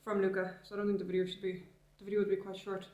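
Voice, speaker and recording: A woman's voice: mid-range voice, monotone, rapid-fire, dark tone, lo-fi sound. Rambling young woman, chatty. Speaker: travel vlogger. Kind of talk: casual chat to camera. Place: rented apartment, indoors.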